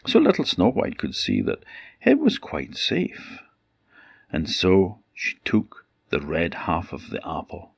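A man from the Orkney Islands, telling a fairytale in an unhurried, emphatic way as a traditional storyteller. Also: deep voice, wildly swooping pitch, gravelly, husky, no room sound. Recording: dull lo-fi recording.

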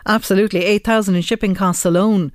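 A male radio host interviewing a guest, with warm, prompting questions. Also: sits high, steady tone, quick pace, dry recording, clean studio sound.

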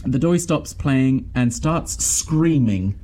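A man hosting a casual film discussion podcast, animated and mock-outraged, laughing often. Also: mid-range voice, takes it slowly. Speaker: podcast host.

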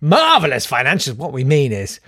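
A man's voice: medium pitch, huge pitch swings, moderate pace, dry recording, studio quality. Sarcastic man doing satirical comedy. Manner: sarcastic, mock-indignant, bursts into shouting riffs. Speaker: comedian host.

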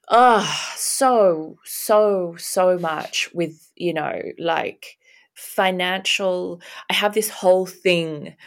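Brief: woman in her thirties, slow gravelly delivery, candid podcast guest, emotional and halting. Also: sits low. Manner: candid, swearing, halting with repeats. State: emotional, voice rising and shaky. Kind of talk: emotional personal interview.

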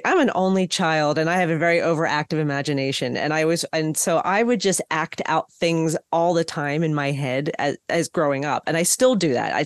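A woman voice actor chatting casually on a podcast, animated and laughing often. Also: fairly low pitch, dry recording, clean studio sound. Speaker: voice actor on the show.

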